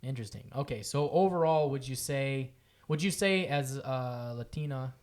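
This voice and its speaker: A woman hosting a podcast, asking questions in a halting way and rephrasing as she goes. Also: a bass voice, animated, a little mellow. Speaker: podcast host. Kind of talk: casual interview questions.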